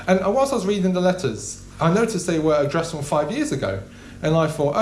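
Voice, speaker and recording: A young man doing a stand-up comedy set in a small club, deadpan and casual with frequent ums. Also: fairly high pitch, fairly quick, slight background noise. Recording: echoey room.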